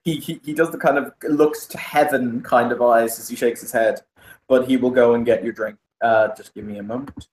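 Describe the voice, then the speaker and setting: A man's voice: mid-range voice, steady tone, normal speed, darkish tone, a little hiss or hum. Game master man in an echoey room. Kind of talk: tabletop narration. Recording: roomy echo.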